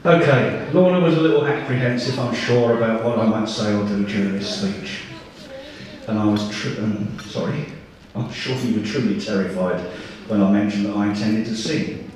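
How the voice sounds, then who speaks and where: A man's voice: on the low side, steady tone, normal speed, crowd noise. An older man giving a father of the bride speech at a wedding reception, emotional and joking, then leading a sing-along. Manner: emotional, joking, self-deprecating. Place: large wedding reception hall. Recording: echoey hall recorded from far off.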